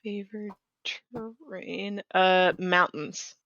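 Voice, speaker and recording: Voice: mid-range voice, fairly even intonation, takes it slowly, bright, forceful tone, no echo. A player at a tabletop game who chats and thinks aloud with lots of "like", recorded on a dull lo-fi mic. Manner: chatty, thinks aloud with many likes. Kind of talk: casual tabletop game talk.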